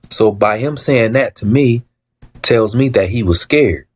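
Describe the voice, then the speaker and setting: A man with a low, husky voice recounts his story in a casual, unscripted monologue. He repeats phrases for emphasis, acts out the dialogue he quotes, and often stops to clear his throat. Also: expressive, unhurried. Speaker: litigant telling his story.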